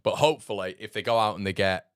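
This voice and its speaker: A man's voice: fairly low pitch, quick pace, clean tone, no echo, studio quality. A man hosting a casual football livestream, reading viewer comments with blunt, sarcastic remarks and frequent laughs. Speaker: football fan channel host.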